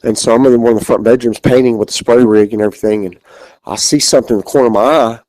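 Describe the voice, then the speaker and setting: A man's voice: mid-range voice, fairly even intonation, very fast, darkish tone, no echo, rough recording. A man telling a haunting story as a podcast guest, rambling, repeating himself and swearing freely. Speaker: interview guest.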